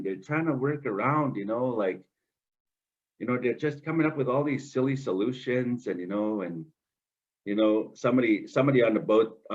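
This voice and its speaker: A man telling a traditional story to students in a school, conversational and full of asides. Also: medium pitch. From Canada. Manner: lively, conversational, many asides. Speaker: oral storyteller. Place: school classroom. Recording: dull lo-fi recording.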